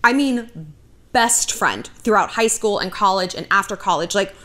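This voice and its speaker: A woman's voice: mid-range voice, animated, normal speed, pushed and bright. A woman in her thirties hosting a vlog, telling a personal story to the camera in a blunt, profane way with dry sarcasm. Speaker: vlog host.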